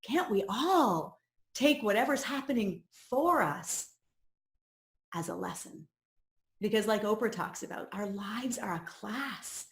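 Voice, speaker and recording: A woman's voice: mid-range voice, expressive, slow pace. A woman coach leading a personal growth course, sharing her own story in an earnest, reflective teaching talk. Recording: roomy echo.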